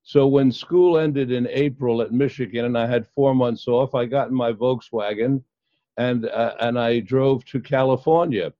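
An older man, a psychologist guest, recounting his past in an interview with many pauses and fillers. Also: mid-range voice, dry recording. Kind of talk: storytelling in an interview. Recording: dull, dry lo-fi sound.

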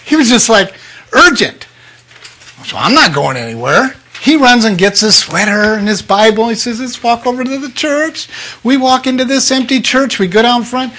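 An older man preaching with a high, bright voice. He tells his testimony with emotion, jumping from loud outbursts to near-whispered moments. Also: expressive, moderate pace. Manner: emotional storytelling with sudden loud and hushed turns. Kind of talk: sermon testimony.

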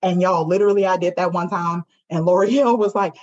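Woman guest, husky and expressive, on a slightly muffled recording. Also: lowish voice, brisk. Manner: emotional, expressive, talks to listeners directly. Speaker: podcast guest, poet and singer. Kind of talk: heartfelt conversation.

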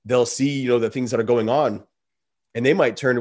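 A man hosting a podcast chats in a casual, rambling way. His voice sits at an ordinary middle pitch, and he loads his talk with fillers as he tells his stories. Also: lively intonation, fast, darkish tone. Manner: rambling storytelling with many fillers. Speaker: podcast host.

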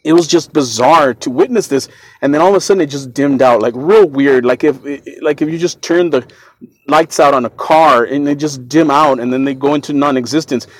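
Earnest man telling a story haltingly. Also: fairly high pitch. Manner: halting, repeats words, restarts often; earnest and emotionally shaken. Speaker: podcast host. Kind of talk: first-person storytelling.

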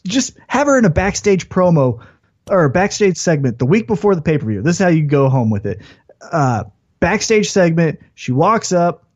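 A man hosting a podcast in casual chat, telling stories in an animated way and acting out scenes. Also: a little high, lo-fi sound. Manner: animated storytelling, acts out scenes. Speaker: podcast host.

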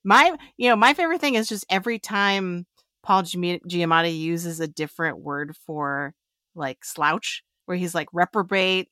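A woman's voice: fairly low pitch, normal speed, sharp tone, dry recording, clean studio sound. A woman co-hosting a casual film review podcast, laughing often and hedging with lots of fillers. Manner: giggly, hedging with many fillers. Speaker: podcast co-host.

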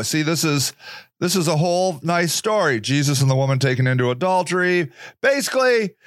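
A man hosts a casual solo podcast, rambling sarcastically and mocking other people's voices. His voice is on the high side, a bit bright, and smooth, recorded dry with clean studio sound.

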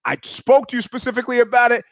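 A man's voice: very high voice, level tone, quick pace, gravelly, a bit bright, dry recording, highs cut off, pitched above the performer's own voice, exaggerated voice. A man voicing a flustered middle-aged landlady who scolds her tenant. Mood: scolding. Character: exasperated fussy landlady, middle-aged woman.

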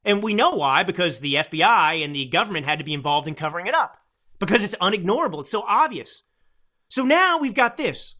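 A man hosting a political commentary podcast, talking into a close microphone in an animated, rambling way that swings from loud to hushed. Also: sits high, fairly quick. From United States. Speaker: podcast host. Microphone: close studio microphone.

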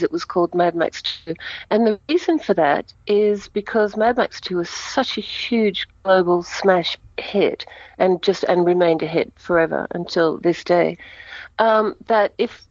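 A woman's voice: medium pitch, a little mellow, no room sound, muffled recording. A woman in her sixties from Australia, an actress telling stories in a casual interview, chatty and rambling, with frequent laughter. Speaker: guest, actress. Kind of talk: casual interview over a call.

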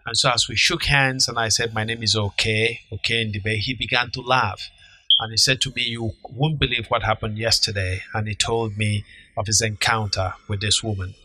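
A middle-aged man co-hosting a podcast, telling an anecdote in an unhurried, measured way. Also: fairly low pitch, steady tone, pushed and bright, low-quality recording. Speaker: podcast co-host, author. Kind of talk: casual storytelling chat.

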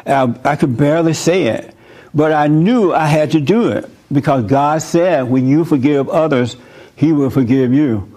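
A man preaching in an easygoing, conversational way, his voice sitting a little higher than most men's. He answers listener questions with personal stories and breaks into chuckles often. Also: normal speed, warm tone. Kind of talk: informal sermon.

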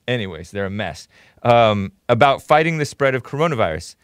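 A man's voice: mid-range voice, sing-song, moderate pace, clean tone, no room sound. Sarcastic male live-stream host, dry sound. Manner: casual, sarcastic, scoffing; thanks viewers and reads donations aloud. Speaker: host of a live call-in commentary show. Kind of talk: casual live-stream commentary.

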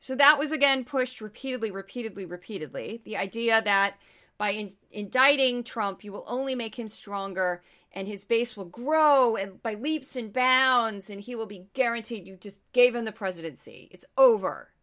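A woman hosts a podcast, talking through news clips in a loose, sarcastic way. She trails off, restarts, and drifts into asides. Her voice sits a bit high. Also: expressive, moderate pace, a bit bright. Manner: sarcastic, rambling, many restarts. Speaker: podcast host. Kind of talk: casual commentary on news clips.

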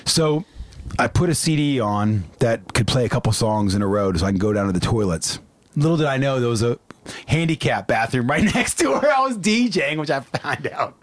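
Animated man telling a funny story. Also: medium pitch, a little fast, no room sound. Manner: animated storyteller, laughs at his own jokes. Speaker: guest, barbecue cook and DJ. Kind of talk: casual anecdote telling.

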